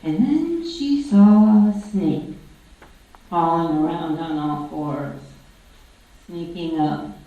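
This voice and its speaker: A woman telling a story to a congregation in a lively, expressive read-aloud, heard from far off in an echoey church sanctuary. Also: lowish voice, takes it slowly, pauses often, highs cut off. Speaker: storyteller at a worship service.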